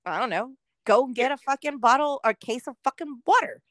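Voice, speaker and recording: A woman's voice: high voice, a little fast, hardly any pauses, dry recording. A woman co-hosting a podcast in casual chat, venting grumpily about work with frequent swearing and laughter. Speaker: podcast co-host.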